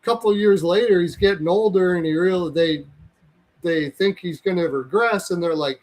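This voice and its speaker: A man's voice: high voice, normal speed, darkish tone, rough recording. A man hosting a hockey talk show in casual, blunt chat, swearing freely and often correcting himself mid-sentence. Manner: blunt, profane, rambling with self-corrections. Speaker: hockey podcast host.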